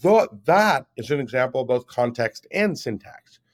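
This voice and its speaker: A man's voice: mid-range voice, big pitch swings, moderate pace. Emphatic man in his fifties. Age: 50s. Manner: explanatory, emphatic, repeats "right?". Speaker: guest, app founder. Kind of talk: podcast interview.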